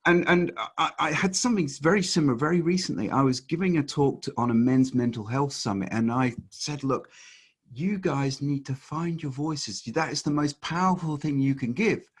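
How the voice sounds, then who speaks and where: A man being interviewed as a life coach, speaking earnestly with halting restarts. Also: fairly high pitch, breathy edge. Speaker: guest, life coach and author. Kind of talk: casual interview chat.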